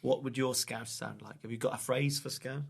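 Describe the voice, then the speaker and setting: Gravelly man hosting a podcast. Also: medium pitch, steady tone, normal speed. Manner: joking, prompting questions. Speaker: podcast host. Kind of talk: casual chat.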